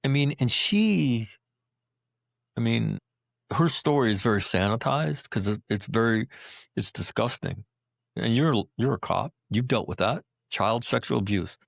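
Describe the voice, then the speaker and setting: A man's voice: medium pitch, lively intonation, measured pace, vocal fry, dry recording, studio quality. A middle-aged man, a veteran guest on a podcast, tells emotional personal stories in a blunt, profane way, often checking in with "right?" and "you know".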